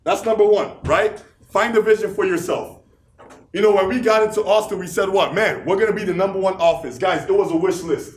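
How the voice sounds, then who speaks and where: A man with a high voice gives a motivational speech in an echoey meeting room. He keeps firing rhetorical questions at the crowd and repeats key lines for emphasis. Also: fairly quick. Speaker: office leader giving a motivational talk.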